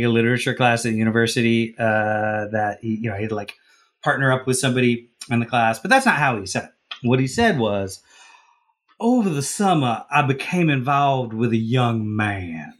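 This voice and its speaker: A man in casual chat who rambles through a story, stopping and restarting and laughing as he goes. His pitch sits in the middle, and his voice carries an easy, loose delivery. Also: a bit bright. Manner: rambling, many fillers and restarts, laughs while telling. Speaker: podcast co-host.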